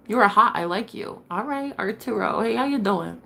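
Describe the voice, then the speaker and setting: A woman's voice: medium pitch, expressive, moderate pace, gravelly, bright, forceful tone. A woman streaming to her viewers, chatting casually as she reads their comments. She is blunt, swears freely and laughs often. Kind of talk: casual livestream chat.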